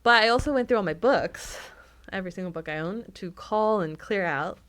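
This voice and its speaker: A young woman co-hosting a podcast, talking casually and laughing often, swinging between excited bursts and flat asides. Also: medium pitch, a little fast. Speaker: podcast co-host. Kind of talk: casual chat.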